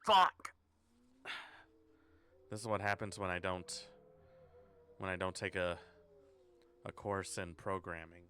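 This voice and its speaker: A man's voice: low voice, little pitch movement, measured pace, long pauses, pushed and bright, a little hiss or hum. A man streaming a horror game, thinking aloud in a sarcastic, swearing way. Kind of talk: casual horror game let's play.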